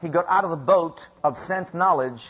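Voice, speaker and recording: Husky-voiced male preacher, emphatic sermon. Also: a little high, moderate pace. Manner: emphatic and repetitive, asks the congregation questions. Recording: dull lo-fi recording.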